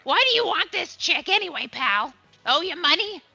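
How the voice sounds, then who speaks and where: Sassy defiant young woman, as a woman puts her on, high, gravelly and bouncy. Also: sing-song, moderate pace, bright, forceful tone, dull audio, faint music behind, heavily acted.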